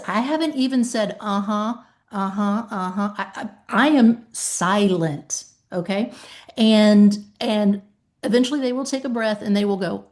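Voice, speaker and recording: A woman's voice: fairly high pitch, darkish tone. A woman hosting a podcast in casual conversation, speaking emphatically and acting out calls with claimants. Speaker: podcast host and author.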